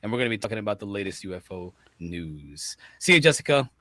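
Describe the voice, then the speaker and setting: Fast, bright-voiced man hosting a livestream. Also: lowish voice, very animated, dry recording, studio quality. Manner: effusive, thanks the guest repeatedly. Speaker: livestream host. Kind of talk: casual livestream chat.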